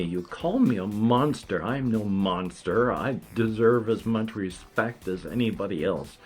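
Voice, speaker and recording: A man's voice: lowish voice, slightly rough. A man voicing an offended, self-pitying male closet monster, whiny and indignant, with a slight denture whistle.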